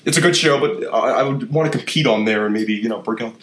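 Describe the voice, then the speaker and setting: A man's voice: mid-range voice, fast talker, fairly bright tone. A man co-hosting a casual podcast chat, joking and rambling with fillers and the odd swear word. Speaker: podcast co-host. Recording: echoey room with faint ambience.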